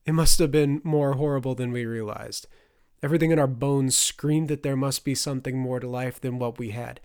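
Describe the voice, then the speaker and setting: A man's voice: mid-range voice, fairly even intonation, fairly quick, darkish tone, clean tone, close to an everyday voice. A man voicing a determined young peasant woman who pleads urgently with raised voice. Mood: impassioned.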